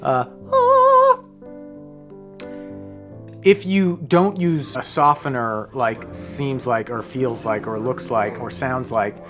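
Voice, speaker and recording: Man explaining casually with tangents. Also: mid-range voice. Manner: rambling, conversational, off-hand swearing. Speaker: host, comedian.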